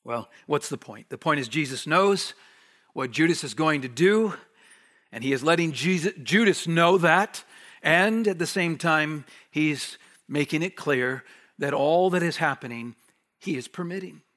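Impassioned preacher man, higher voice. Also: lively intonation, unhurried. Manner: preaches with wide swings from hushed near-whisper to raised urgent voice. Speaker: pastor. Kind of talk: sermon.

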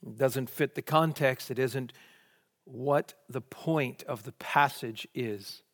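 A man's voice: mid-range voice, slow pace, a bit bright, big-room sound. A man preaching a sermon, posing question after question before answering them emphatically.

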